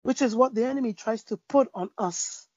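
A woman speaking about faith in a conversation, telling a parable with lively storytelling, fillers and restarts. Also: fairly high pitch, a little fast, dry recording, muffled recording. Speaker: Christian speaker. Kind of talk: preaching in a conversation.

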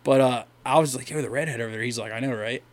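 A man's voice: mid-range voice, fast. A young man from Delaware co-hosting a podcast, telling long, profane, rambling stories in casual chat. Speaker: podcast co-host.

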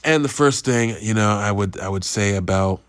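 A man's voice: lowish voice, normal speed, no room sound. A man hosting a casual solo podcast, reviewing a movie in a rambling, profane, self-interrupting way. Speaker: podcast host.

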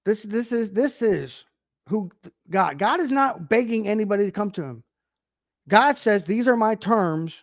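A man's voice: sits high, sing-song, unhurried, no room sound, clean studio sound. A man giving an informal video sermon, emphatic, often checking in with rhetorical questions. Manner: emphatic, keeps asking "right?". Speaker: online preacher.

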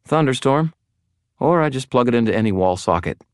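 A sharp, insistent young woman who presses her point hard, as a male narrator raises his voice to play her. Her tone is urgent and keeps climbing. It sits far higher than the reader's own deep voice. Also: lively intonation, fairly quick, smooth, no echo, clean studio sound, lightly acted.

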